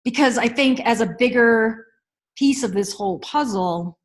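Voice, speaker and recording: A woman parenting coach answering listener questions in a measured, reflective way, with thoughtful pauses. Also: fairly high pitch. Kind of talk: unscripted advice talk.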